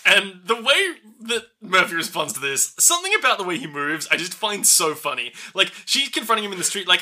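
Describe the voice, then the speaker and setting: A man's voice: high voice, expressive, normal speed, few pauses, sharp tone. A man co-hosting a podcast, casually recapping a movie in a rambling, profane way. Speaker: podcast co-host.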